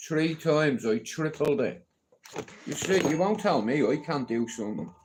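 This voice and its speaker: A man's voice: on the high side, animated, a little slow, noisy background. A middle-aged man ranting casually on a livestream, swearing often and asking "you know what I mean?".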